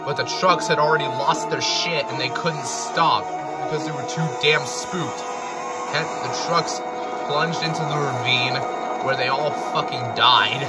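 Guy narrating a sweary parody, kinda deadpan, music in background. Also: on the high side. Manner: crude, deadpan storytelling.

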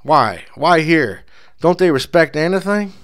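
A man voicing an excitable, boozy middle-aged Texan at a bar who shouts his exclamations in a raised voice. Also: fairly high pitch, unhurried, pitched above the performer's own voice. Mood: outraged.

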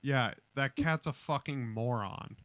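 Brief: a man, slow and bright, with a wildly swinging pitch, dry close mic, profane and insulting. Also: no echo. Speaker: streamer debating a cat. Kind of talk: crude comedic rant on a call.

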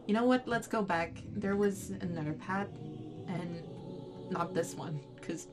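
With game music behind her, a young let's play gamer reads the on-screen text out loud, breaking off for startled reactions. Her voice sits on the low side and her pace is unhurried.

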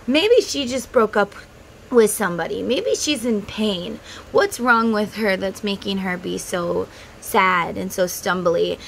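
Woman, 30s, earnest rambling vlog talk on a phone mic, slight background hiss, mid pitch. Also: animated, a little slow, vocal fry, a bit bright, poor audio. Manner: heartfelt, rambling, talks straight to viewers. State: emotional, close to tears. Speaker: tarot content creator. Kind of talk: casual monologue to camera.

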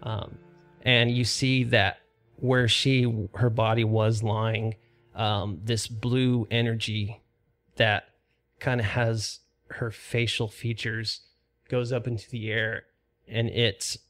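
A man leads a tabletop game as game master, narrating scenes in a steady, monotone voice with little rise and fall. He fills pauses with "uh" and "um" as he paints the action. Soft music plays faintly in the background. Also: fairly low pitch. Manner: steady descriptive narration with frequent fillers.

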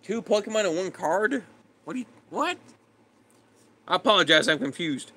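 A man's voice: sits high, expressive, normal speed, pushed and bright. A man casually chatting with his live stream viewers, laid-back and greeting them by name. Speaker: streamer reading chat.

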